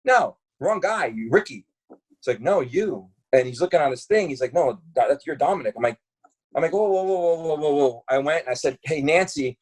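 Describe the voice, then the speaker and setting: Brisk and fairly high-pitched with a breathy edge, this podcast guest from Brooklyn, New York spins casual stories. He acts out the voices of whoever he's quoting, peppering everything with curses and filler words.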